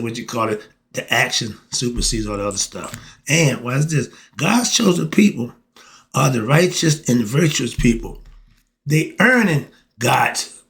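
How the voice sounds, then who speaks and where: A man giving a casual spiritual monologue to camera, preachy and colloquial, asking and answering his own rhetorical questions. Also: medium pitch. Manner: colloquial, often cuts himself off with 'moving on'. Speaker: self-styled philosophy teacher.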